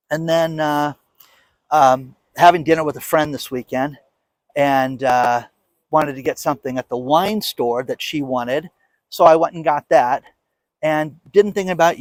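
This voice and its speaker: Dude, 50s, ranting story to camera, kinda high voice, acts out the quotes, dry close sound. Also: male voice, dry recording. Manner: animated storytelling, acting out quoted dialogue; indignant, emphatic. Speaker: show host. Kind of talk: casual monologue to camera.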